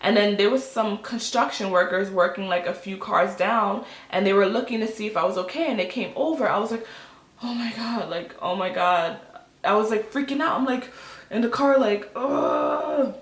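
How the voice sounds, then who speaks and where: A woman in her twenties telling a storytime vlog, chatty and animated, acting out quotes with lots of fillers. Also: medium pitch, a little fast, roomy sound. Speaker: vlogger.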